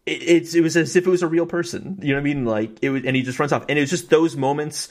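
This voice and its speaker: A young man co-hosting a podcast, telling stories in an excited, fast, casual way with many fillers and acted-out quotes. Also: fairly high pitch. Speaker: podcast co-host. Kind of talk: casual chat.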